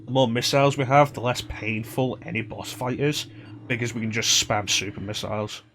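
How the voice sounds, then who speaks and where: Medium-pitched and fairly bright, this streamer talks at a moderate pace with fairly even intonation against slight background noise. He rambles casually about the game he's playing and hums and scats to himself between remarks.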